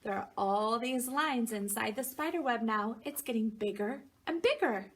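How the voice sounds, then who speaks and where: A woman preschool teacher reading a picture book aloud to young children. She asks them gentle questions, waits for their answers, and acts out the animal noises in a raised voice. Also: on the high side, normal speed, slight background noise.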